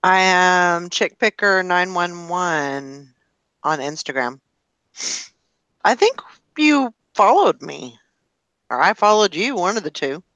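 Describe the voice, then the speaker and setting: A woman's voice: fairly low pitch, lively intonation, slow, pauses often, fairly bright tone, no room sound. A woman chatting casually on a live reseller show in an easygoing way. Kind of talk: casual chat.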